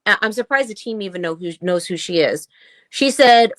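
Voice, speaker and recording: A woman's voice: mid-range voice, very animated, brisk, a bit bright, no echo. A woman co-hosting a casual chat show, blunt and profane, tearing into what she reads aloud. Her voice sits mid-range and sounds close and dry, with no room around it. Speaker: podcast co-host.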